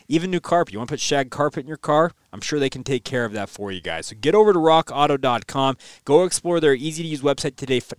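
A man hosting a sports talk podcast, upbeat as he moves into an ad read. His voice is smooth and clear, and the recording is dry and close with no room sound. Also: mid-range voice, no room sound. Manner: upbeat, reads sponsor ad. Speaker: podcast host.

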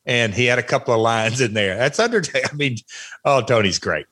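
A middle-aged man talking as a podcast guest, reminiscing in an animated way with many fillers and restarts. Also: medium pitch, fairly quick. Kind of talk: casual chat, reminiscing.

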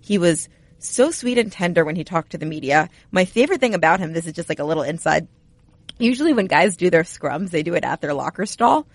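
A woman co-hosting a hockey podcast, chatting casually and telling stories with lively energy. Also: lowish voice, brisk, no echo. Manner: chatty, animated storyteller. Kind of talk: casual sports chat.

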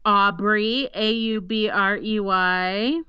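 Playful woman podcast co-host, slow and clear, slightly dull dry recording. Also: medium pitch, steady tone, no room sound. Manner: playful, spells names out letter by letter. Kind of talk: casual chat about baby names.

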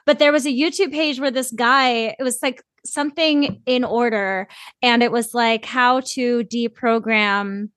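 A woman hosting a podcast in casual chat, chatty and animated, laughing often and swearing casually. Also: a little high, measured pace, dry recording. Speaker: podcast host.

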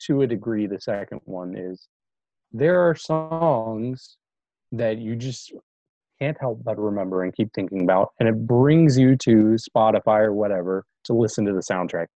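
A man's voice: lowish voice, a little slow, dark tone, dry recording. A man co-hosting a casual movie review chat, easygoing and hesitant, often trailing off. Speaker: podcast co-host. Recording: dull dry lo-fi sound.

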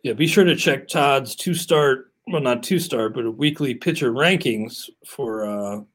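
A man's voice: medium pitch, unhurried. A man co-hosting a casual fantasy baseball podcast, steadily leading the talk from one pick to the next. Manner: steady, leads the segment, moves between topics. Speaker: podcast co-host.

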